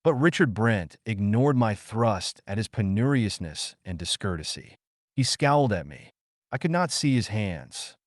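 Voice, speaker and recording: A man narrating an audiobook in a measured, suspenseful storytelling manner. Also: on the low side, animated, no echo, studio quality.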